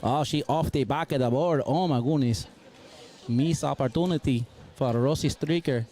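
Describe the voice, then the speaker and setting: A man voicing a playful Mexican play-by-play commentator with a put-on Mexican accent, calling the game with exaggerated excitement. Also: mid-range voice, normal speed, close to an everyday voice. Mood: hammy. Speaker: cornhole commentator.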